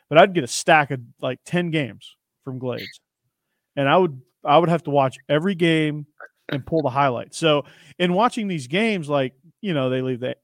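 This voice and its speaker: A man's voice: on the high side, no echo, clean studio sound. A man hosting a sports podcast, chatting and telling stories in an upbeat way. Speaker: podcast host. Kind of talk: casual sports podcast chat.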